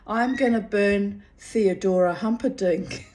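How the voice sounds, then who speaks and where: A woman recounting a personal mishap in a loose, chatty storytelling voice. She giggles through her words and swears without a second thought. Her pitch sits in an ordinary middle range for a woman. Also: expressive, moderate pace. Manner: giggly, breaks into laughter often, candid and profane. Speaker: storyteller reading her own diary.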